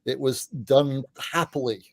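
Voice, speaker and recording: A middle-aged man, a podcast guest, telling anecdotes in a chatty way, often restarting his sentences and dropping in quick asides. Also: medium pitch, no echo. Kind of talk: casual anecdotal storytelling.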